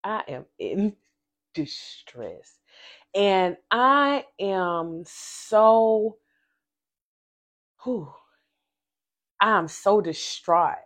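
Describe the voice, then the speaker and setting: This woman, host of a casual faith podcast, tells her listeners a personal story, animated and repeating herself for emphasis. Her pitch is medium, and she speaks very slowly with long pauses.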